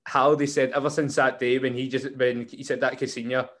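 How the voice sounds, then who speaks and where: A man's voice: medium pitch, flat delivery, a little fast, fairly bright tone. A man hosts a casual football podcast. He rambles along, restarting sentences and filling gaps with ums and likes. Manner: rambling, with frequent fillers and restarts. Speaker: podcast host.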